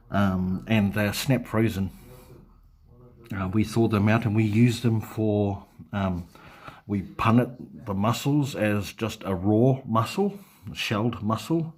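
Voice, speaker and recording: Rambling man on a live stream. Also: lowish voice. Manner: rambling, hesitant, many ums and restarts. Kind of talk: casual live-stream chat.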